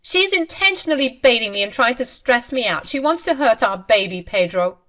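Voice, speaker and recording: A woman voicing a scheming pregnant mistress who talks in a shrill, accusing way. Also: expressive, normal speed, fairly bright tone. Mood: indignant.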